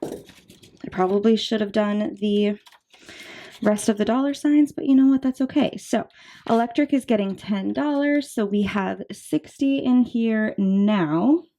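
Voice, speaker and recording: This budgeting vlogger, a woman in her twenties, talks to camera in a warm, mid-range voice at a slightly slow pace. She's bubbly and chatty, packing in fillers and side comments while sounding a bit breathless.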